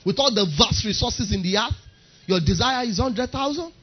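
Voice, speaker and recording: A man's voice: very high voice, normal speed, husky, highs cut off, faint music behind. A man preaching a sermon, emphatic and driving his points home by repeating key phrases.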